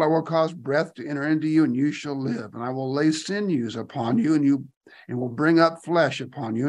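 A man's voice: mid-range voice, gravelly. A man leading a Bible study, reading scripture aloud and commenting on it in casual asides, rising emphatically on key phrases. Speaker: Bible teacher.

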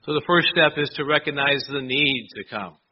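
A man's voice: mid-range voice, moderate pace, highs cut off, slight background noise. A man preaching a sermon in a conversational way, often asking his listeners rhetorical questions. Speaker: pastor.

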